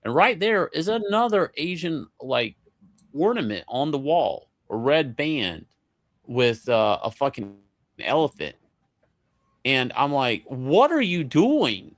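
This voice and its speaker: A man telling a casual story in an animated, profane way, with many stammering restarts. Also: mid-range voice, slow pace.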